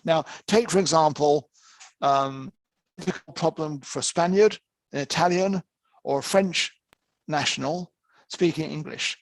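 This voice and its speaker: A man giving a lecture, explaining points in a measured way with occasional self-corrections. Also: on the high side, no room sound. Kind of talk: lecture on interpreting.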